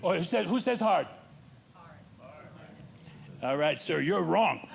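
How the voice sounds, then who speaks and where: High, gravelly stand-up comedian. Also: male voice, slow. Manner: animated storytelling, acts out other people's lines. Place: comedy club stage with a live audience. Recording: live stage recording with loud audience noise.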